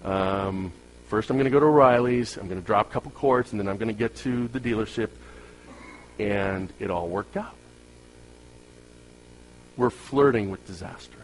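A man preaching a sermon, moving between loud emphatic peaks and quiet asides and acting out everyday stories. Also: lowish voice, slight background noise, poor audio. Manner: folksy storytelling with acted-out quotes and laughs. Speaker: pastor.

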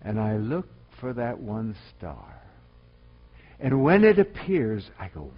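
Emphatic male preacher, slow and lively. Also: mid-range voice, highs cut off. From Colorado. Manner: emphatic, swinging from loud exhortation to quiet storytelling. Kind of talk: sermon.

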